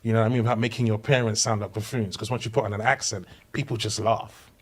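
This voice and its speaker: British Nigerian comedian telling stories. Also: male voice, on the low side, steady tone, fast talker. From Britain, Nigerian family. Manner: storytelling, acts out voices. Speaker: comedian guest. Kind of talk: casual podcast chat.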